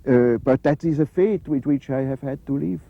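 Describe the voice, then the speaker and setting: An older man, answering interview questions in a halting, reflective way with many fillers. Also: medium pitch, gravelly, muffled recording. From Switzerland. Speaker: interview guest.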